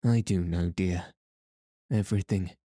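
A man's voice: on the low side, little pitch movement, slow pace, dark tone, dry recording, studio quality. A man voicing a foppish aristocratic husband with a sleepy, affected drawl, in a storybook reading. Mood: good-humoured.

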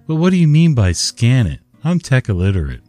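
A man voicing a slow, confused older male caller who is helpless with technology, drawling out bewildered questions. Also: medium pitch, huge pitch swings, mellow, no echo, soft background music, pitched above the performer's own voice.

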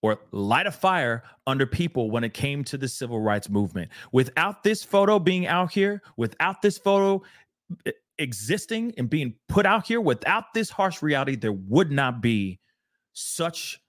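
Male co-host, middle pitch, emphatic and repetitive, dry studio sound. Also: very animated, normal speed, no echo. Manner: emphatic, repeats phrases for emphasis. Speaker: podcast co-host. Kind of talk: casual discussion.

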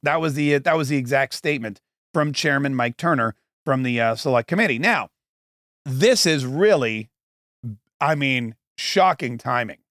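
A man's voice: mid-range voice, animated, normal speed, a bit bright, no echo, studio quality. A man in his forties hosting a podcast, giving casual political commentary in a sarcastic, rambling way with mocking asides. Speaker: podcast host.

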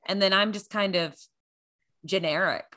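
A woman's voice: medium pitch, moderate pace, sharp tone. A young woman from Texas co-hosting a casual podcast, a former TV news reporter who trades playful one-liners and joking asides. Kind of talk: casual chat.

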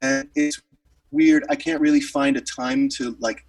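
A man's voice: mid-range voice, steady tone, a little slow, far from the mic, soft background music, rough recording. A man, a musician, telling a rambling story in casual chat with lots of fillers and restarts.

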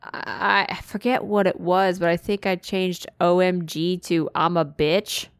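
A woman's voice: fairly low pitch, little pitch movement, measured pace, no echo, studio quality. A woman co-hosting a podcast in casual chat, blunt and profane, laughing through her own stories. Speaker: podcast co-host.

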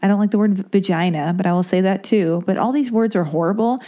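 Chatty, mellow-voiced woman podcast host. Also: mid-range voice, quick pace. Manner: chatty and rambling, heavy on fillers, self-mocking. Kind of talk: casual solo podcast intro.

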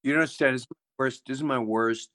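A man co-hosting a podcast, chatting casually and tossing in quick jokes and questions. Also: medium pitch, steady tone, sharp tone. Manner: wisecracking, asks questions and jokes in quick asides. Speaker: podcast co-host. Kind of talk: casual chat.

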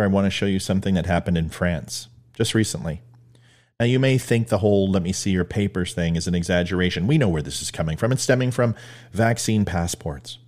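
A man's voice: sits low, a little mellow. A man hosting a commentary show, delivering an emphatic, punchy opinion monologue. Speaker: host.

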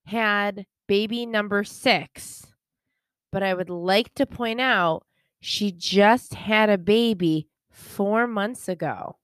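A woman's voice: mid-range voice, slow, clear, resonant tone, no echo. A young woman co-hosting a podcast, chatting and gossiping with sarcasm and frequent laughter. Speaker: podcast co-host. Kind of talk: casual gossip chat.

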